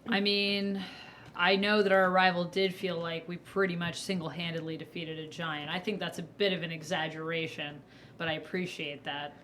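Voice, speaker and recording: A woman's voice: fairly low pitch, level tone, moderate pace, fairly bright tone. Easygoing Irish woman, faint background noise. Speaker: player. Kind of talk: casual chat.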